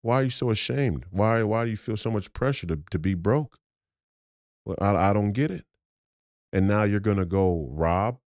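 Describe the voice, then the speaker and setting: A man's voice: fairly low pitch, lively intonation, moderate pace, a little mellow, no room sound, clean studio sound. A man hosting a podcast, giving a blunt, profane, confrontational monologue that repeats phrases for emphasis. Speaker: podcast host.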